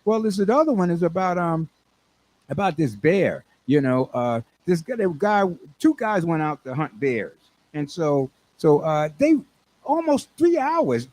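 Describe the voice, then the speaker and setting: A man's voice: a little high, very animated, measured pace, darkish tone. A man hosting a radio show, rambling and laughing at his own jokes. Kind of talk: radio talk and joke telling. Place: radio studio.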